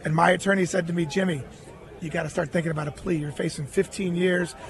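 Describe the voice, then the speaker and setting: High-voiced man telling an earnest story. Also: fairly even intonation, fast. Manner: earnest storytelling, quoting others in his own voice. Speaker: guest, former baseball catcher. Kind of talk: telling a personal story in a radio interview.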